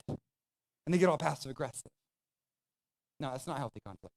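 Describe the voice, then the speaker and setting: A man's voice: mid-range voice, lively intonation, moderate pace, creaky, a little mellow. A man pastor preaching a sermon, speaking emphatically and conversationally, addressing the congregation directly.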